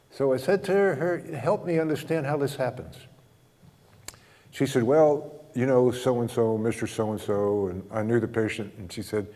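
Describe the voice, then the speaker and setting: A man with a mellow, dark voice recounts a counseling session to a gathered group, slipping into both his own lines and his client's as he goes. He talks in a relaxed, chuckling way, and his voice carries a long reverb from a large hall. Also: mid-range voice. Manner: relaxed anecdotal storytelling, acts out both sides of dialogue, chuckles often. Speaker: speaker telling a counseling story. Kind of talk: storytelling talk to a group.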